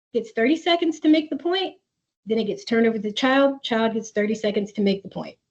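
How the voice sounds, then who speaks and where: A woman's voice: sits high, a little mellow, dull audio. A woman therapist leading a webinar for parents, talking in an earnest, conversational way and reading chat comments aloud. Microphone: video call.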